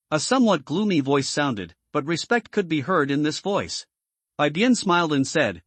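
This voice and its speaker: A man reading a translated comic story aloud as a recap narrator, in a steady, even manner. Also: on the high side, moderate pace, dry recording.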